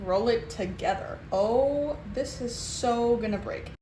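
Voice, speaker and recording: A woman's voice: fairly high pitch, takes it slowly, echoey room, a little hiss or hum, rough recording. A young woman vlogging herself baking at home, talking casually, nervous and joking at her own expense. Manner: nervous, self-mocking, excitable. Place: home kitchen.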